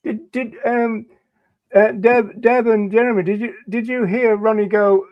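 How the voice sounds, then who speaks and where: A man hosting a live video show, chatty and jokey, talking with some halting restarts on a video call. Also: high voice, steady tone, dull audio. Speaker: host.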